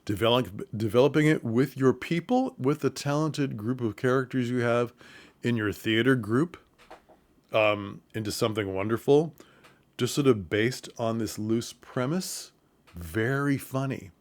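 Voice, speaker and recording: This theatre commentator walks through the story of a comedy film in a casual way for an audience of theatre makers. Chuckles run through his animated retelling, and quoted characters get quick put-on falsetto voices.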